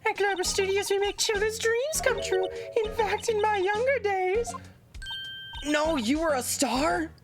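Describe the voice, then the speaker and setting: A woman's voice: very high-pitched, measured pace, over loud music, pitched above the performer's own voice. A woman voicing a nosy, bossy older female security guard in a posh, royal-style old lady voice, reading game dialogue aloud. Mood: gossipy. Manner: rambling, haughty, scolding.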